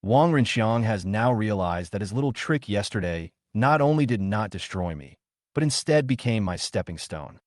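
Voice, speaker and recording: Male story narrator, low voice, lively pitch, dry close sound, calm storytelling. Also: moderate pace, no echo. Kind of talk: first-person story recap narration.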